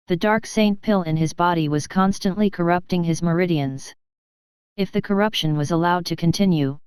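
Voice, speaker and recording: A woman narrating a fantasy audiobook in a steady, even reading. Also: fairly low pitch, clean tone, no echo. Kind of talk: scripted narration.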